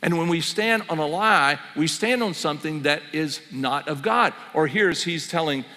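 A man preaching an earnest sermon as pastor, slowing down on key phrases and repeating them for emphasis. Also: on the high side, sharp tone. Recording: reverberant church hall.

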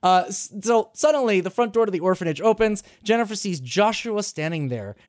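Guy hosting a podcast, super animated swingy voice, cusses a lot, dry close sound. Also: high voice, fairly quick, dry recording. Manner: animated, swears freely and laughs often; rambling with frequent restarts. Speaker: podcast host. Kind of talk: casual chat recapping a game.

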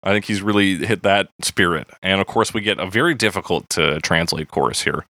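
A man's voice: sits low, brisk, no room sound, studio quality. A man co-hosting a podcast, chatting casually and animatedly about a song. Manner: animated, laughing, reads lyrics aloud. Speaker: podcast co-host. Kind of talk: casual chat about music.

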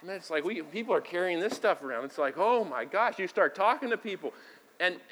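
A man preaching a sermon as pastor, talking conversationally and moving between quiet asides and loud, emphatic lines. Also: sits high, animated, brisk, a little hiss or hum. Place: church sanctuary.

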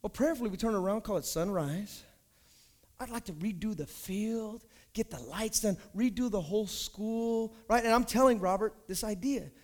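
A high-voiced man preaching a sermon. He tells stories and builds up to loud, shouted preaching. Casual, conversational wording runs through his talk. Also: moderate pace. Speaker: pastor.

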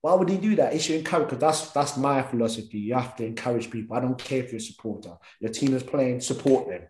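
A man's voice: medium pitch, fast talker, roomy sound, rough recording. A man, a former professional footballer, telling stories from his career in conversation and acting out his thoughts. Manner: animated, acts out his own thoughts and others' words. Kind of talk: storytelling conversation.

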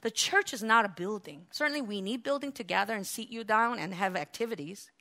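A woman pastor preaching a sermon, building to loud, emphatic peaks and acting out her congregation's complaints. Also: medium pitch, a little fast. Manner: acts out churchgoers' complaints in quoted voices.

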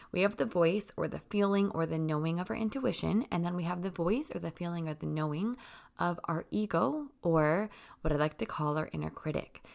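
A woman's voice: fairly low pitch, vocal fry. A woman giving a casual, earnest spiritual self-help talk, chatty and conversational, often asking "right?".

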